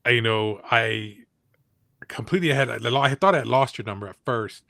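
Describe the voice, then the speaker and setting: A man's voice: mid-range voice, fairly quick, gravelly, sharp tone, no echo, clean studio sound. A man hosting an interview, giving short eager agreeing replies. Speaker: interviewer host. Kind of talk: casual interview chat.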